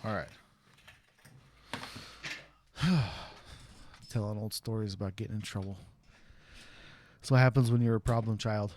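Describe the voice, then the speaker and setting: A man's voice: fairly low pitch, slight background noise. A man in his thirties telling stories on a casual stream, acting out what people said. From USA. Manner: animated storyteller who acts out quotes. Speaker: stream host. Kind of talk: casual storytelling.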